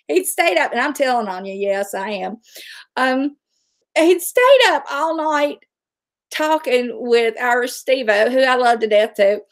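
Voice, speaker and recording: A woman's voice: a little high, animated, measured pace. A middle-aged woman, hosting a casual livestream, chatting and answering viewer comments. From West Virginia, USA. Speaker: livestream host.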